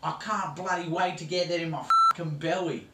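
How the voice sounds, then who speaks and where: A man with an Australian accent playing a loud, slang-heavy Aussie cooking-show host in a comedy skit, in a home kitchen. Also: a little high, fairly even intonation, brisk, pitched above the performer's own voice, natural voice. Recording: roomy kitchen, far from mic, noisy.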